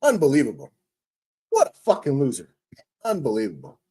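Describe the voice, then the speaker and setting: A man's voice: mid-range voice, huge pitch swings, a little fast, a little mellow, slightly rough. A man hosting a livestream, ranting in a profane, exasperated way with frequent stammers. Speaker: livestream host. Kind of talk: casual livestream rant.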